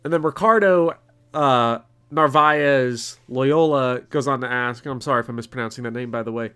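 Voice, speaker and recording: A young man from Kentucky with a softened Southern accent, chatting casually and bluntly as he answers viewer questions, rambling and joking at his own expense. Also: mid-range voice, moderate pace, clear, resonant tone. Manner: rambling, self-mocking, blunt. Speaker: channel host. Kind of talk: casual Q&A chat.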